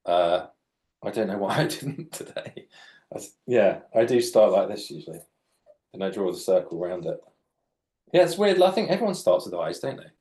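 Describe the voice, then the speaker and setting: A man's voice: fairly low pitch, very animated, normal speed, warm tone. Chatty man drawing for kids. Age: late 40s. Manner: chatty, jokey, explains while drawing. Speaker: children's author and illustrator. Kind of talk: live drawing demonstration for children.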